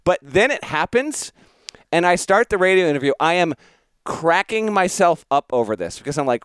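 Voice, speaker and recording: A man's voice: sits high, big pitch swings, normal speed, fairly bright tone, smooth, no room sound, studio quality. A man hosting a podcast, telling a story in a casual, rambling way and laughing at himself. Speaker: podcast host.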